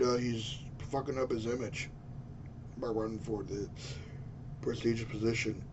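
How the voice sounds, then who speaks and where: This lo-fi clip has a bit of background noise behind a fairly low male voice. He's a vlogger in his twenties, furiously venting about politics to his webcam with plenty of profanity.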